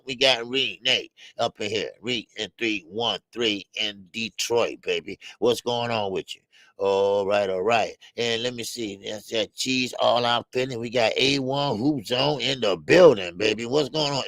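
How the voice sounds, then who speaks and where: A man hosting a casual boxing live stream, shouting out viewers in the chat one by one with drawn-out greetings. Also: fairly low pitch, no echo. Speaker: boxing show host.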